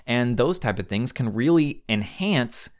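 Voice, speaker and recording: A man's voice: mid-range voice, lively intonation, unhurried. A man hosting a podcast and giving tabletop game advice in a chatty, upbeat monologue, with casual slang and frequent ums. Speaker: podcast host and game master.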